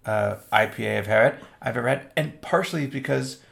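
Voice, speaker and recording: A man's voice: medium pitch, brisk, creaky, fairly bright tone. A man co-hosting a casual beer podcast who tells rambling stories and swears easily. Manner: rambling storyteller with restarts. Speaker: podcast co-host. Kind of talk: casual beer-tasting chat.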